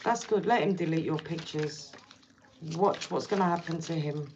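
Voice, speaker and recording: A woman with a low voice gives a casual tarot reading at a normal speed, speaking bluntly and directly to the listener and repeating her points. The recording is dull and lo-fi, with faint hiss underneath.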